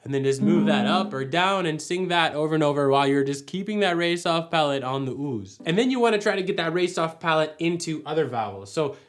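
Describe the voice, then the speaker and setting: Talking fairly quickly and barely pausing, this expressive, high-ish male vocal coach walks through singing technique one step at a time. He keeps it friendly and casual, breaking into sung vowels to show how each sound should go.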